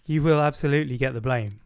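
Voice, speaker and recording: A man's voice: fairly high pitch, darkish tone, clear, resonant tone. Chatty British man narrating his gameplay. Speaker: streamer. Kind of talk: casual gaming chat.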